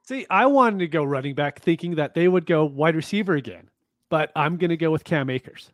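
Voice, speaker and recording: High, lively-voiced man teasing. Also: fairly quick, no room sound, studio quality. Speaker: panelist. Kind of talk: casual podcast chat.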